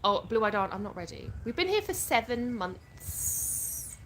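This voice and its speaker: Speaking a little slowly in a slightly high, somewhat bright and very animated voice, a woman hosts a casual livestream at home and chats through viewer comments as she reads them. The low-quality recording is clear, with background noise and clicks.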